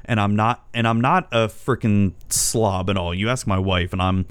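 A man's voice: lowish voice, fairly even intonation, normal speed, clear, resonant tone, no echo. A middle-aged man casually ranting as a vlogger, profane, rambling and exasperated as he tells a story. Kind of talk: casual rant. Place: home.

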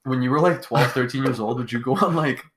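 A man's voice: medium pitch, fast. A young man co-hosting a podcast, chatting loosely with slang, swearing and lots of fillers. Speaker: podcast co-host. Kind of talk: casual chat.

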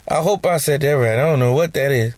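A man's voice: medium pitch, brisk, darkish tone, dry recording. A man hosting a podcast, teaching scripture in a conversational, slangy way with joking asides. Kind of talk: casual Bible teaching.

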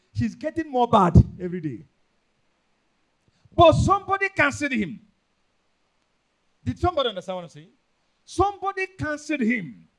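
A man with a Nigerian accent preaching a sermon, emphatic and repetitive, rising into loud bursts. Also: sits high. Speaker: pastor.

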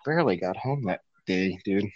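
Profane laughing man, lively swoops. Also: low voice, moderate pace, no echo, dull audio. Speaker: guest actor. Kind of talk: casual chat.

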